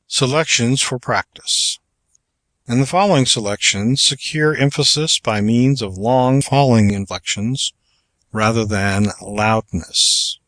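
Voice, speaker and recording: A man reading aloud from a public speaking manual as scripted narration, working through numbered exercises in a measured, even way. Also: medium pitch, no echo. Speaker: audiobook reader.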